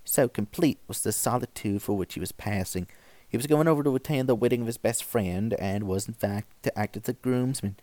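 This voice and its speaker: A man reading old stories aloud with measured, even narration. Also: fairly low pitch, no room sound. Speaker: story reader.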